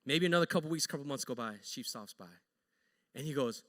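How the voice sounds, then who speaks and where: A man preaching a sermon as an animated storyteller who acts out the people in his story. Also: medium pitch, fast talker, in a large hall. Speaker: pastor. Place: church sanctuary.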